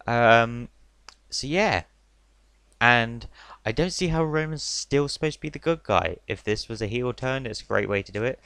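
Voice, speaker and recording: A man's voice: mid-range voice, lively intonation, normal speed, fairly bright tone, dry recording. A young man reviewing a wrestling event in a casual, rambling way, full of "like" and "literally". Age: young adult. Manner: chatty, filler-heavy, says "like" and "literally" a lot.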